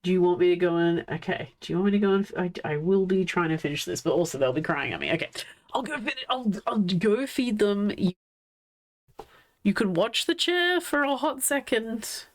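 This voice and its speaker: A woman's voice: lowish voice, animated, normal speed. A woman streaming live, chatting casually and coaxing and playfully scolding her pets.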